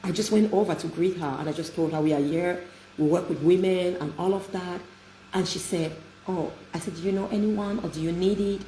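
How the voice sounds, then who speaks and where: A woman hosts an inspirational talk, telling stories in a warm, emphatic, heartfelt way. Her voice sits on the low side, fairly quick, with fairly even intonation. The room is echoey with light noise.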